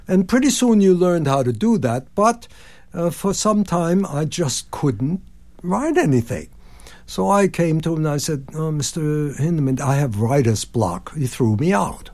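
A man's voice: fairly high pitch, unhurried. A man in his nineties, a composer, telling anecdotes in a radio interview and acting out the people he quotes. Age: 90s. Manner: animated anecdotes, sings phrases and acts out quotes. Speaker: composer guest. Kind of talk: storytelling interview.

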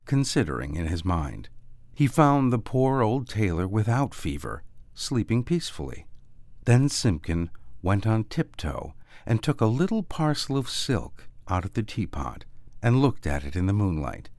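A man reading a storybook aloud in a gentle, expressive read-aloud manner with soft dips. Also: on the low side, no room sound.

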